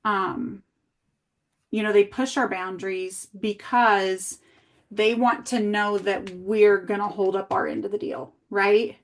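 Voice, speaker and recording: Woman, early childhood coach, reflective and questioning, middle pitch, one-on-one coaching talk. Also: steady tone, slow. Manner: reflective, asks gentle guiding questions. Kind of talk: coaching conversation.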